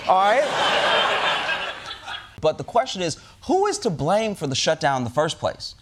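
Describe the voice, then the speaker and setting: A man delivering a sarcastic, animated comedic monologue as host. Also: high-pitched, takes it slowly, heavy background noise.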